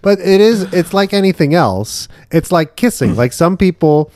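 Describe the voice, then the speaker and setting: A man's voice: sits high, sing-song, moderate pace, darkish tone, slight background noise. A man co-hosting a comedy podcast, rambling and hesitant in a casual chat and giggling often. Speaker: podcast co-host.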